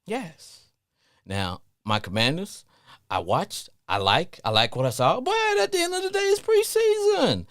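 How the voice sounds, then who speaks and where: A middle-aged man with a Southern accent hosting a casual sports talk radio show, playful and animated. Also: mid-range voice, moderate pace, no room sound, studio quality. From Southern US, family from Louisiana. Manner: animated, playful, breaks into song snippets.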